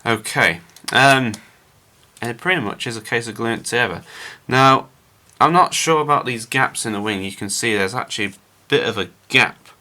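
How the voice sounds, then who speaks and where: A man's voice: mid-range voice, moderate pace, bright, forceful tone. A man casually narrating his scale model build to viewers, chatty and rambling with frequent filler words.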